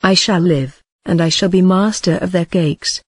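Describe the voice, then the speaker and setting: A synthetic text-to-speech voice reading an ancient text aloud in an even recited cadence, even speaking the punctuation. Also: mid-range voice, normal speed, slightly rough, dry recording. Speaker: audiobook reader. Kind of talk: scripted narration of an ancient text.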